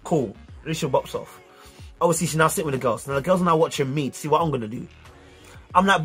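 A young British man telling a story to camera in casual slang, animated and acting out the dialogue. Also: fairly high pitch, quick pace, slightly rough, faint music behind. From United Kingdom. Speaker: vlogger.

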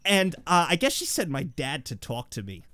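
Lively man telling a story. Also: on the high side, normal speed. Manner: animated storyteller, shouts when acting out scenes. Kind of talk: casual storytelling chat.

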